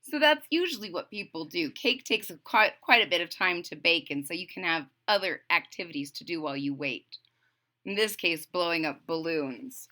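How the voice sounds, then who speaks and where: A woman's voice: low-pitched, moderate pace, pushed and bright. A woman reading a picture book aloud to children, stopping to explain the story in chatty asides.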